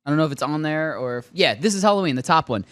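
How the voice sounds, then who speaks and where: A high-pitched man co-hosting a chatty podcast, his voice swinging up and down as he tells stories. He laughs often and gets excited. The sound is dry and close. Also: rapid-fire, dry recording. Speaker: podcast co-host. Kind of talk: casual chat.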